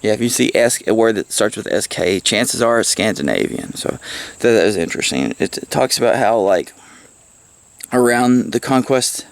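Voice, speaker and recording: A man rambles through a casual book report at home, cursing now and then and cracking himself up. His voice is low and gravelly. He talks with a lively, wandering pitch. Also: normal speed, dry recording. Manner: rambling, profane, laughs at own jokes. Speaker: book reviewer. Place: at home, with pets around.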